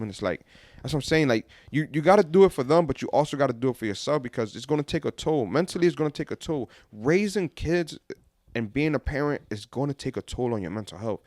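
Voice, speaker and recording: A man's voice: mid-range voice, expressive, quick pace, a little mellow, dry recording, studio quality. A young man co-hosting a podcast in casual chat, rambling and repeating himself. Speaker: podcast co-host.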